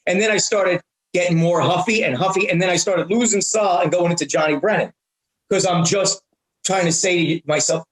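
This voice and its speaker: A man around sixty, a comedian guest telling animated stories and stumbling over repeated words. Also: fairly high pitch, a little fast. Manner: excitable, repeats and restarts words often. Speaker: guest, prank-call comedian and voice actor. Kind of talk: animated anecdotal storytelling. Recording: roomy echo.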